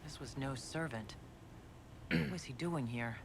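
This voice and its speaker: An actor voicing a male video game hero, speaking in a measured, matter-of-fact way. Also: mid-range voice, creaky. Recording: game audio under loud noise.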